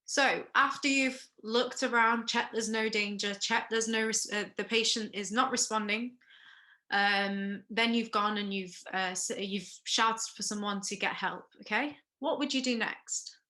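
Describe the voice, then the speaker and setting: Her recorded first aid lesson moves step by step, with pauses for questions and frequent "okays" to check in. The voice is on the high side, steady and sharp in tone.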